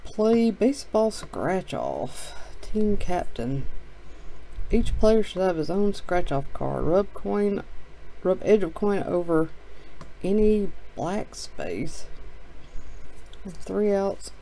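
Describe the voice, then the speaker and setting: A woman's voice: medium pitch, big pitch swings, takes it slowly, vocal fry, long pauses, mellow, rough recording. A sick woman talking around a cough drop while casually calling out card names as she opens a box. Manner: muttering, reading names aloud. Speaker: card break host. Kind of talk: casual box-break commentary.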